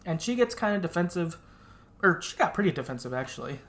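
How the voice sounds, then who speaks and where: A man's voice: high-pitched, sing-song, fast, fairly bright tone. A man co-hosting a podcast, chatting casually and laughing often as he recaps a game and acts out its quoted lines. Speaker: podcast co-host.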